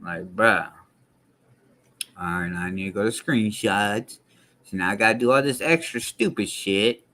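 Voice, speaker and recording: A man's voice: on the low side, a little slow, long pauses, sharp tone. A young man streaming live, talking bluntly in casual slang and swearing freely. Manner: blunt and profanity-heavy, heavy slang. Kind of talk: casual livestream talk.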